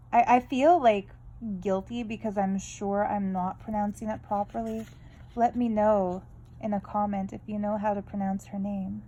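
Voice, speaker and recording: In a rough recording, a woman with a medium-pitched, dark voice vlogs about her art. She rambles candidly through a casual draw-along chat, drifting into plenty of tangents as she draws.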